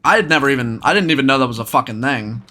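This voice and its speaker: A man's voice: mid-range voice, lively intonation, rapid-fire, bright, forceful tone. A young man telling a story in casual, rambling commentary, swearing constantly.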